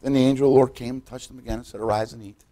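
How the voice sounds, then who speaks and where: An older man preaching a sermon in a church, retelling Bible stories dramatically in folksy, direct words, swinging between loud and hushed. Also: mid-range voice, level tone, very fast. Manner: folksy, addresses congregation directly. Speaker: pastor. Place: church sanctuary.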